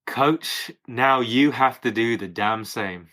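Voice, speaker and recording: Bright-voiced encouraging man, brotherly. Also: medium pitch, takes it slowly. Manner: encouraging, brotherly, swears casually. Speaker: coach. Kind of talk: casual group conversation.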